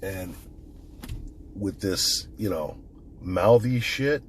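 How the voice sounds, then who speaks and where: A man's voice: low-pitched, extremely slow, a little hiss or hum. A middle-aged man who is the channel host, talking bluntly in a casual monologue, swearing constantly as he tells stories.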